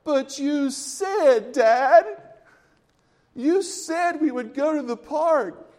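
A man's voice: very high voice, expressive, very slow, darkish tone, pitched above the performer's own voice, exaggerated voice. A man voicing his young child, insistently pleading with dad in a whiny voice.

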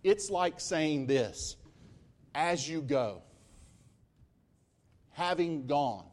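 A man preaching a sermon, emphatic, rising to loud peaks and dropping to slow, quiet stresses. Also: fairly high pitch, expressive. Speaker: pastor.

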